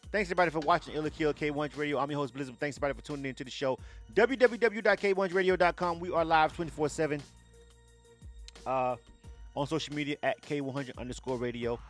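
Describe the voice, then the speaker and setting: A man's voice: a little high, a little fast, pauses often. A man hosting a live radio music segment, talking loosely and profanely to viewers, ranting between asides. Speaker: radio show host. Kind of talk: casual livestream radio talk.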